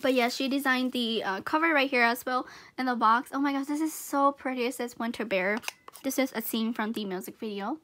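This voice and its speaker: Excitable young woman gushing over gifts. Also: a little high, fairly quick, slight background noise. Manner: gushing, excited, repeats "oh my gosh"; voice jumps up into excited squeals. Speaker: vlogger. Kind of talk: unboxing vlog chat.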